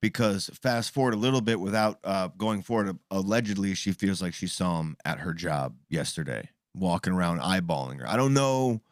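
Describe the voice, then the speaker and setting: Profane, animated man in his thirties. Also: low voice, normal speed, few pauses, no echo, studio quality. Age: 30s. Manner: animated, profane, acts out quoted voices. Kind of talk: casual chat.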